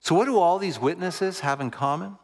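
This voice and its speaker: A middle-aged man preaches a sermon built around a personal story, speaking at a normal pace in a voice that sits high. His energy is lively but falls to hushed tones at the moving moments.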